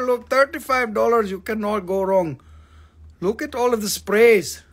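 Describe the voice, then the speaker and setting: A man hosting a live stream that sells crystals, talking in an excitable, joking, profane and rambling sales patter. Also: high-pitched, measured pace.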